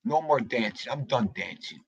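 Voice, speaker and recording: A man hosting a casual livestream, chatting loosely and greeting viewers by name with an animated, jokey manner. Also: mid-range voice, moderate pace, creaky, breathy edge, muffled recording. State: out of breath. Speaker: livestream host.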